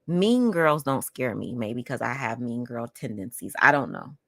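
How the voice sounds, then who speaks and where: A woman's voice: very deep voice, sing-song, normal speed, creaky, dry recording. A woman hosting a podcast, telling a personal story in an outspoken, emphatic way and talking straight to her listeners. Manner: emphatic, addresses listeners directly; outspoken and heated. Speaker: podcast host.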